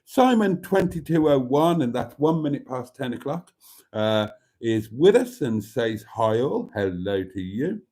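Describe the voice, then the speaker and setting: A man hosts a late-night live stream, chatting casually and reading viewer comments aloud. His voice is mellow and warm, and his pitch swoops widely. He is theatrical and fond, calling everyone darling with mock-grand flourishes. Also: big pitch swings, unhurried.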